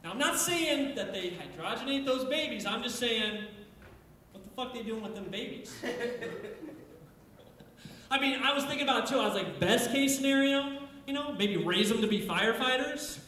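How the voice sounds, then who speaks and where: A man's voice: extremely high pitch, moderate pace, slight background noise. A man doing a crude, rambling stand-up set at an open mic night, talking into a handheld stage mic on a bar stage. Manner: crude, rambling, deadpan delivery. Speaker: stand-up comedian. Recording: very echoey bar room.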